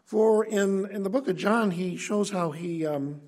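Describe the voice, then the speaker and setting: A man's voice: high voice, a little slow, darkish tone. A male preacher giving an earnest sermon that explains scripture in a conversational way.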